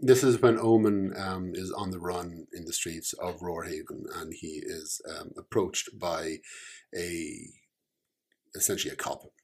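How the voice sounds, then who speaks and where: A man, an author, talking casually about his writing, hesitant and halting with many ums, his voice trailing off softly. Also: low voice, steady tone, breathy edge. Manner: soft-spoken, trailing off quietly.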